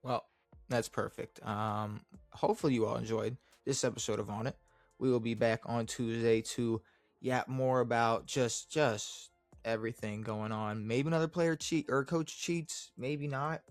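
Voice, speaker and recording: A man's voice: medium pitch, fairly even intonation, unhurried, no echo, faint music behind. A young man co-hosting a casual sports podcast, rambling and laid-back with lots of fillers. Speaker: podcast co-host.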